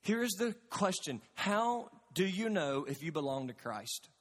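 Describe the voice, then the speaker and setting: Speaking a little slowly in a sing-song, high and ringing voice, a pastor gives a sermon from the pulpit. He presses the congregation earnestly and emphatically with questions, and a long reverb fills the large church sanctuary.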